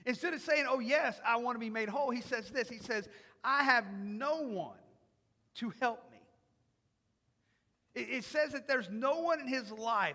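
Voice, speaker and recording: A man preaching a sermon in a church, acting out imagined voices and rising into loud, emphatic passages. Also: extremely high pitch. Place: church sanctuary. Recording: long hall reverb.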